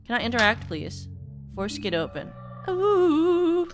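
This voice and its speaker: A young woman streaming a game, chatting casually and mocking herself, with a sniffly nose and sudden excited shrieks. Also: medium pitch, normal speed. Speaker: VTuber streamer. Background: game music.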